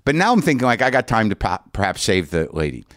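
A man's voice: on the low side, sing-song, quick pace, fairly bright tone, no echo, clean studio sound. An older man doing stand-up, telling a long story in a ranting, self-mocking way and acting out both sides of the conversation. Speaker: comedian.

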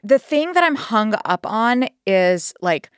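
Animated woman telling a story, dry close mic. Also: fairly high pitch, takes it slowly, clear, resonant tone, no room sound. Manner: animated, laughs while telling, acts out quotes. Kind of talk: casual storytelling.

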